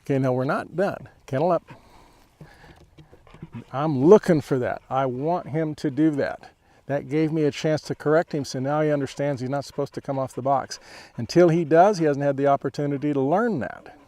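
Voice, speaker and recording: A man who trains dogs, explaining a training session in a relaxed way, chuckling often and giving the dog short commands. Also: fairly high pitch, moderate pace. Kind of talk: outdoor training demonstration.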